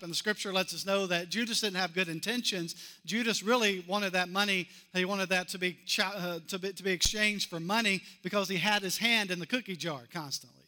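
A man's voice: high-pitched, sharp tone. A man preaching a sermon, reading scripture and repeating key phrases with building intensity. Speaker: pastor.

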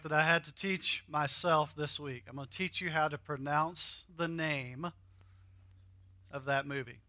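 A Southern-accented pastor preaches a sermon, joking with the congregation and teaching through call-and-repeat, having them echo words back. His voice is on the high side, bright and forceful, with no room sound.

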